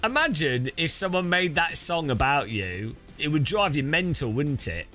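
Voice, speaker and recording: Lively joking streamer. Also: male voice, fairly high pitch, normal speed, faint music behind. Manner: joking, rambling, reading chat aloud. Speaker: sim-racing streamer. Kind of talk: casual live-stream chat.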